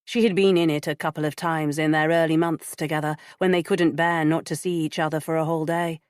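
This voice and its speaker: A woman narrates a thriller audiobook in a measured, even way. Her voice sits slightly low and is recorded close and dry, with no room sound. She reads at a steady pace. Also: clean tone, no echo. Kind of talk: scripted narration.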